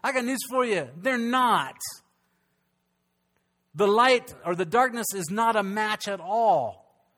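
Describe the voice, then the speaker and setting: A pastor delivering a sermon during a church service, preaching emphatically and swinging from loud peaks to hushed lines. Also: male voice, high voice, slow pace, long pauses.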